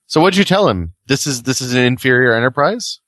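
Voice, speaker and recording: A man co-hosting a casual podcast who throws in teasing jokes and quick questions. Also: mid-range voice, animated, a bit bright, no room sound, clean studio sound. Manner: wisecracking, teasing interjections. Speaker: podcast co-host.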